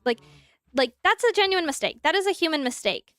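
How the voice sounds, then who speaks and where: Young woman streamer, bright high pitch, dry close mic, casual animated live chat. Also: fast, no room sound. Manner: animated, talks through examples, answers chat.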